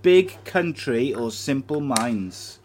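A man's voice: mid-range voice, lively intonation, slow pace, darkish tone. A man co-hosting a podcast, chatting casually over drinks and reading out viewer messages in a laid-back way. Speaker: podcast co-host.

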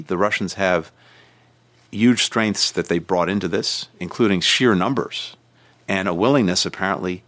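A man, a senior official, giving measured interview answers with emphatic stresses and frequent restarts. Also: fairly low pitch, a bit bright.

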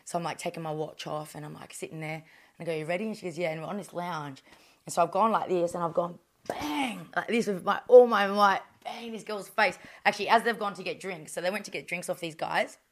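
An Australian woman telling stories as a podcast guest, animated and blunt, with plenty of swearing. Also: fairly low pitch, quick pace. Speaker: guest, professional boxer. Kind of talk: casual storytelling.

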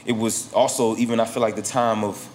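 A man's voice: lowish voice, little pitch movement, fairly quick, slight background noise. A man, a rapper, talking casually in an interview, laid-back and slangy with lots of fillers. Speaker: rapper guest.

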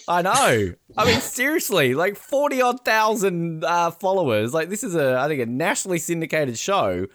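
A man hosting a casual podcast, jokey and quick to laugh. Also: high voice, big pitch swings, fairly bright tone, no room sound, clean studio sound. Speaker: podcast host.

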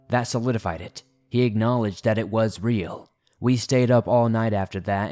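A man reading listener-submitted horror stories aloud as a steady, low-key scripted narration.

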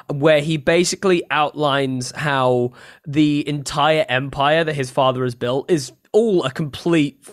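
Tabletop player, casual, halting, filler-heavy storytelling. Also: medium pitch. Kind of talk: playing a tabletop game.

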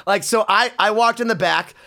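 A man co-hosting a podcast, telling a story in an animated, rambling way, full of fillers. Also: sits high, moderate pace, gravelly. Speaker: podcast co-host. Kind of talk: casual storytelling.

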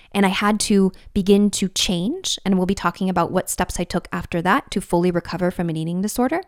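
A woman's voice: brisk, few pauses, no echo, clean studio sound. A woman hosting a solo recovery podcast, earnest and encouraging, acting out inner voices now and then. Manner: earnest and encouraging, acts out inner voices with big pitch jumps. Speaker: podcast host and recovery coach. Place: room with a whiteboard.

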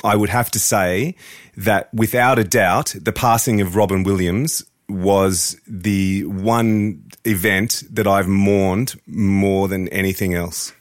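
Earnest low-voiced radio host man. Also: steady tone, slow pace, no echo, clean studio sound. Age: 40s. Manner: earnest and reflective. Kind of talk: casual radio chat.

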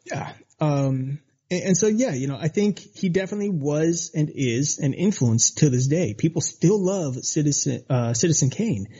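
A male radio co-host rambling through casual chat with a lively, swooping pitch and a dark, husky tone. The sound is a bit dull and lo-fi. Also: moderate pace, hardly any pauses. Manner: rambling, animated, many fillers.

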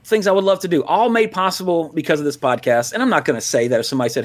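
A man's voice: fairly high pitch, very animated, racing, few pauses. A man co-hosting a podcast, chatting casually and going off on tangents, laughing often and restarting his sentences. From Louisiana, US. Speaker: podcast co-host. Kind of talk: casual rambling podcast chat.

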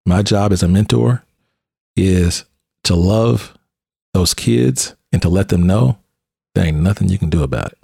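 A man hosting a conversation, a police officer and mentor telling a story in an animated way and often restarting his phrases. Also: low voice, unhurried, gravelly, long pauses, breathy edge, no echo, studio quality.

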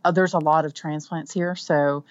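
Texan woman, low voice, warm chatty interviewee, dull recording. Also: fairly even intonation, moderate pace, no echo. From Texas Panhandle. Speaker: guest author. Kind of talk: casual interview chat.

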